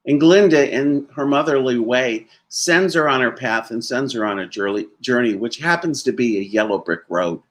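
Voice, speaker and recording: A man's voice: mid-range voice, a bit bright. A man giving a sermon as a minister, telling a story conversationally and laughing now and then.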